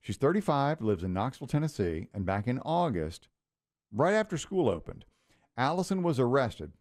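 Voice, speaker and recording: A male radio co-host telling a news story in a casual morning-show chat with animated delivery. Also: medium pitch, moderate pace, no echo, studio quality.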